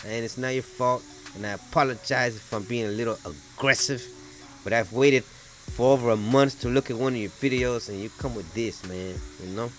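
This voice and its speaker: A man's voice: medium pitch, normal speed, a bit bright, voice pushed up, natural voice. A man voicing an irate male viewer who heckles a painter with swearing and mock outrage. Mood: grumbling.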